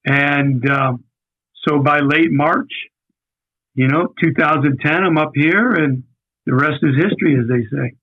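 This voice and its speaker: A man's voice: on the high side, unhurried, breathy edge. A man in his sixties, a guest coach, telling his career story in a rambling, conversational way, repeating words as he recalls. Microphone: phone call. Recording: tinny phone line.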